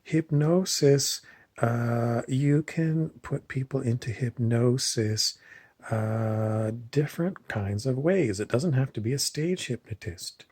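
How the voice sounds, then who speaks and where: A man's voice: mid-range voice, slow pace, darkish tone, husky, dry recording. A man talking casually in a rambling, digressive monologue, wandering between points with loose, unpolished phrasing. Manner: digressive, loose, with many fillers and restarts.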